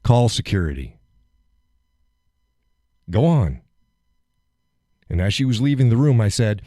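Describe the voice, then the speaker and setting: A man's voice: on the low side, very animated, a little slow, long pauses, dark tone, no echo, studio quality. A middle-aged man hosting a live show, casually retelling a story, acting out quotes, swearing freely and laughing often.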